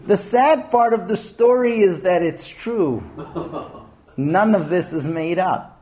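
A man gives a lively lecture, telling anecdotes and acting out the people in them. He sets out his points one by one. His voice sits a little high, with a soft, mellow tone. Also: slow. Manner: storytelling, acts out quotes, numbered points. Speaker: speaker giving a talk on marriage. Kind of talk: humorous lecture to an audience.

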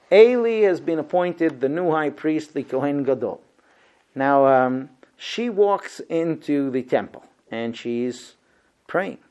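A man teaching a Bible class, telling the story in an animated way and asking rhetorical questions. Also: medium pitch.

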